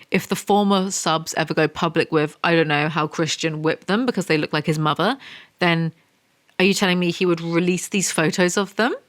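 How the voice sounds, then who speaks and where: A young woman giving a sarcastic, profanity-laced book review, mocking the story as she reads from it. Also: lowish voice. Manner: sarcastic, swears freely.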